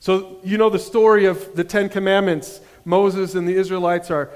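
Storytelling pastor in a reverberant hall. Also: male voice, high-pitched, normal speed, smooth. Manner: storytelling, with repeated restarts and animated emphasis. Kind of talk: sermon.

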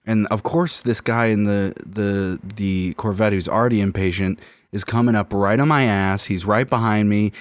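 A man's voice: on the low side, fairly even intonation, normal speed, clear, resonant tone, dry recording, studio quality. A man in his twenties from Miami, co-hosting a podcast and telling a rambling, self-mocking story in casual chat. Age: 20s. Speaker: podcast co-host.

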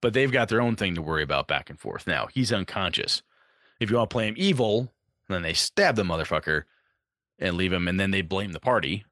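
A man talking casually about running tabletop games, animated and profane, acting out characters as he goes. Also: sits low, a little fast, no echo, studio quality. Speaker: game master.

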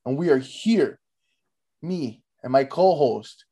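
A young man with a notably high voice hosts a casual comedy podcast. He riffs loudly, swears constantly and keeps the banter going. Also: animated, slow, husky. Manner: loud, profane, joking banter. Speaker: podcast host.

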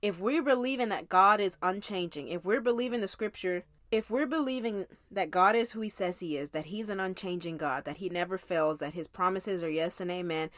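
A woman's voice: on the low side, brisk, hardly any pauses, fairly bright tone, no echo, clean studio sound. A woman casually recapping a week's Bible reading as a teacher, talking in a conversational, emphatic way and speaking straight to her listeners.

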